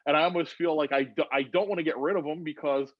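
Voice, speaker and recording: Guy rambling a wild story over a zoom call, kinda high voice, muffled dry sound. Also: quick pace, no echo. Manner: rambling, profane, animated retelling. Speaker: guest storyteller. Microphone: phone on video call.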